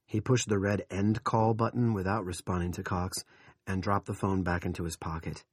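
A low, husky male voice narrating an audiobook at a measured, steady pace. The sound is close and dry, with no room around it. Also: no room sound. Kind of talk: scripted narration.

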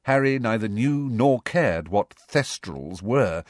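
A man narrating a storybook in an expressive storytelling manner. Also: lowish voice, takes it slowly, dry recording, clean studio sound. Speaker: audiobook narrator. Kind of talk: scripted narration.

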